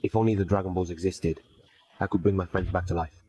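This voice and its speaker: A man's voice: low voice, fairly even intonation, fast, warm tone, close to an everyday voice, poor audio. A man reading the lines of a kind, weary adult male warrior hero in his own plain voice, over faint music. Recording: faint music bed under voice.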